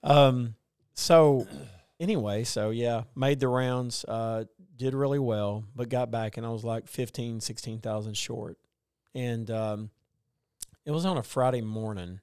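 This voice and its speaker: A man telling a personal faith story in a halting way with many restarts, choked up and near tears. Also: medium pitch, darkish tone, clear, resonant tone, no echo, clean studio sound. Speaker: guest telling his story. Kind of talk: emotional personal testimony.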